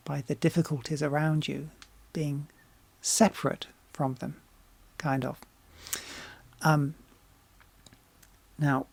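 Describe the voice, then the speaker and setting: A woman, a singer hosting her own reaction channel, talking candidly and casually, swearing freely and sometimes dropping into soft asides. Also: deep voice, gravelly, slightly rough, dry recording. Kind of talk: casual reaction vlog talk.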